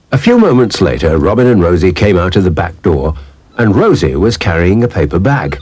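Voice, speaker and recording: Expressive male reader for a children's story, animated delivery. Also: low-pitched, a little fast, husky, no room sound, faint music behind. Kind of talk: reading a children's story aloud.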